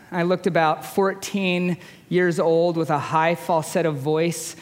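High-voiced chaplain preaching in a reverberant hall. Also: male voice, flat delivery, slow. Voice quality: high-pitched voice. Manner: conversational, self-deprecating humor. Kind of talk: storytelling sermon. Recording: long reverb of a large hall.

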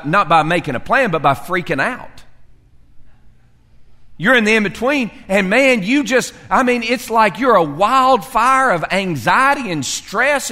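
Pastor guy preaching, high lively voice, bright and sharp, echoey church hall. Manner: animated, acts out characters, swings from loud to hushed. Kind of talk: sermon.

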